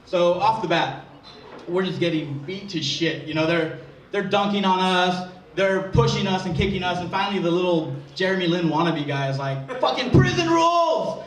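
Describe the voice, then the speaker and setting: A young stand-up comedian with a high-pitched, steady voice performs a crude, self-deprecating routine full of swearing for a live audience at a comedy venue, at a moderate pace. The distant mic picks up an echoey room, crowd laughter, and slight background noise.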